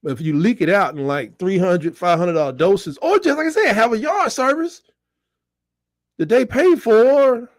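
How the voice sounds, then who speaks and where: Middle-aged guy on a sports livestream, high voice, bounces all over, dry close sound. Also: normal speed, no echo. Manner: animated, joking, reads out chat comments and bursts into high squeals. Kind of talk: casual livestream commentary.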